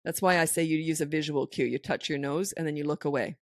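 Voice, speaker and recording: A woman's voice: sits low, fairly even intonation, fast, dry recording. A middle-aged woman, a parenting coach and podcast host, answering listener questions in a firm, direct manner and acting out what parents should say, close to a studio microphone.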